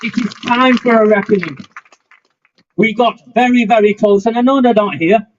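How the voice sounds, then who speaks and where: A man's voice: sits high, moderate pace, slight background noise. A man, giving an angry, defiant speech at an outdoor demonstration. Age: 50s. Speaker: rally speaker. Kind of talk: impassioned outdoor rally speech. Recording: muffled lo-fi outdoor recording.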